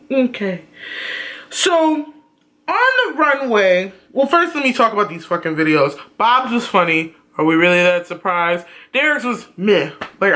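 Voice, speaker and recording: A man giving a blunt, profane, animated ranting review on his vlog. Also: high voice. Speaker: YouTube reviewer.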